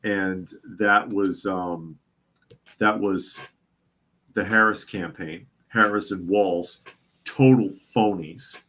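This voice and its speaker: A man's voice: sits low, fairly even intonation, slow pace, bright, forceful tone. A man hosting a casual news commentary show, sarcastic and often repeating his phrases for emphasis. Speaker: host.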